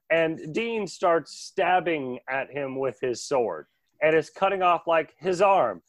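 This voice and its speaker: Give me an animated male podcast host with a dry, close sound. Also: a little high, dry recording. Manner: animated, laughing, doing quick voices. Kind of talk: casual chat recapping a cartoon.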